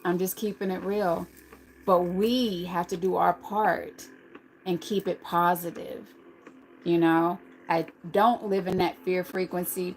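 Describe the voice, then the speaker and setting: Middle-aged lady on a live stream, rambly and earnest, lowish voice, faint hum behind her. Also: vocal fry, darkish tone, rough recording. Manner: earnest, rambling, talks straight to viewers. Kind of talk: casual live-stream chat.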